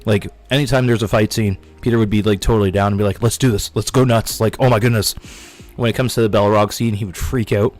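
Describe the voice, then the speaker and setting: A young man hosting a casual livestream, chatty and excitable, talking while he eats snacks. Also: fairly low pitch, quick pace. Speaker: livestream host. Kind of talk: casual live-stream chat.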